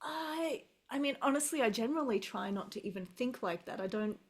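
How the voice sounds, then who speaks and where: A woman's voice: on the high side, a little fast. A middle-aged Australian woman, an English teacher, chatting thoughtfully over a video call and often restarting her sentences. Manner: relaxed, thoughtful, musing with restarts. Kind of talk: casual video call conversation.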